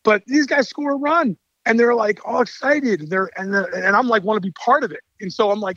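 A man's voice: sits high, fairly quick, hardly any pauses, no room sound, dull audio. A middle-aged man, a baseball coach and author, talking energetically and telling stories in a casual interview. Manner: energetic, enthusiastic storyteller. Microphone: call mic.

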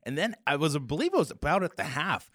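A man's voice: fairly high pitch, very animated, fast, a bit bright, no room sound, clean studio sound. A man co-hosting a sports talk show, recapping game plays.

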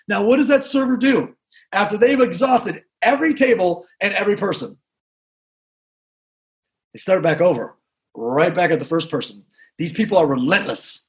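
Man, high voice, punchy sales pep talk full of repetition and crowd questions. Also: moderate pace. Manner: energetic, repetitive, talks to the crowd. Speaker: sales trainer. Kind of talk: motivational talk.

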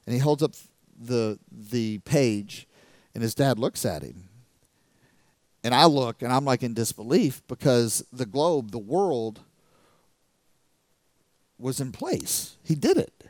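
A middle-aged man telling a story as a motivational speaker, animated, acting out the voices of the people in it. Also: mid-range voice, takes it slowly, long pauses, no echo. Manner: animated, acts out the voices of people in his stories. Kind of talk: storytelling talk to a live audience.

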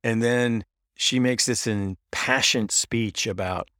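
A man's voice: medium pitch, slow pace, sharp tone, clear, resonant tone, no echo, studio quality. A man giving a casual, sarcastic recap of a movie, retelling its scenes and quoting lines with mock emphasis. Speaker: podcast host. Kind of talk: casual film recap and commentary.

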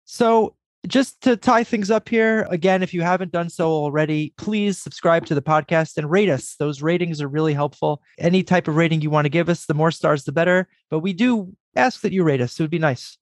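A man's voice: a little high, a little fast, no echo, studio quality. A man co-hosting a podcast, chatting casually and joking with enthusiasm. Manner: lively, jokey, enthusiastic. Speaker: podcast co-host.

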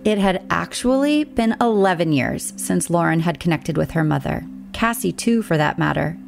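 A woman narrating a true-crime documentary in a measured, scripted storytelling delivery. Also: on the low side, lively intonation, gravelly, faint music behind.

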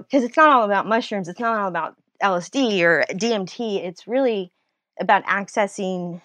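A woman who is both a nurse and a writer appears as a guest in a relaxed interview, speaking in a lowish voice. She's animated and rambling, laughing a lot and often restarting her sentences, with no room sound audible.

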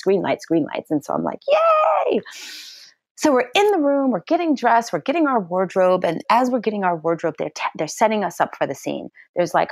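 A middle-aged actress telling a personal story in an interview, animated and acting out what people said in a high, excited voice. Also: female voice, dry recording, clean studio sound. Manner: lively storyteller who acts out quotes in a high excited voice.

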